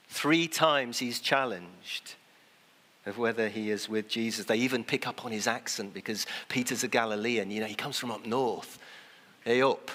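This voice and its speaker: A man's voice: medium pitch, normal speed, a bit bright. A man preaching a sermon in a conversational way, sometimes acting out the people he quotes. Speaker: pastor. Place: church. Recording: long church reverb.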